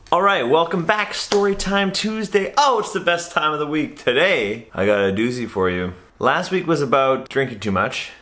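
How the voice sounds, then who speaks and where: Man, comedian, story-time vlog, animated, playful, mid pitch. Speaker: comedian and magician.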